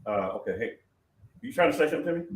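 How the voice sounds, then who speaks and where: A man's voice: on the high side, big pitch swings, racing. Man hosting a prophetic Q&A on a call, emphatic and rambling, roomy sound from far off the mic. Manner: rambling, emphatic, many restarts. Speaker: prophetic show host. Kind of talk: prophetic question-and-answer talk.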